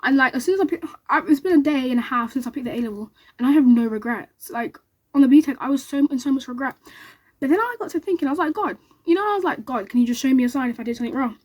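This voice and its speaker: A young woman recounts a story straight to the camera. She talks very fast and excitedly, and plays the other people's lines as she goes. Her voice is slightly high with a husky edge. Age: young adult. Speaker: vlogger.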